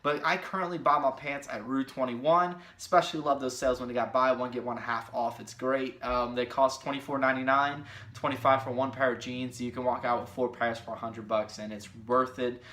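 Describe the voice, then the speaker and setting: A man's voice: medium pitch, steady tone, a little fast, pushed and bright. A young man in his twenties chatting casually through viewer questions in a rambling way with many fillers. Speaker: vlogger. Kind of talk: casual question-and-answer chat. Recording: echoey room.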